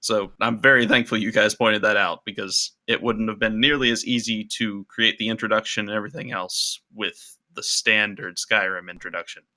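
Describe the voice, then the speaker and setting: Lowish guy with a really bright edgy tone, guest on a podcast, measured and explaining. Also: steady tone. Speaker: podcast guest, role-play video creator. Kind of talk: casual interview chat.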